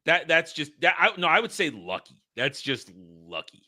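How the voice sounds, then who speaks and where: A man's voice: on the high side, very animated, normal speed, bright, forceful tone. A man hosting a casual film discussion, rambling and stumbling over words as he laughs along. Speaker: podcast host.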